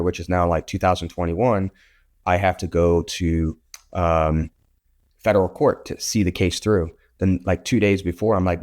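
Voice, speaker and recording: A man in his thirties, a guest on an interview show, telling his story in a blunt, animated way and swearing now and then. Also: sits low. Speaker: podcast guest, real estate photographer.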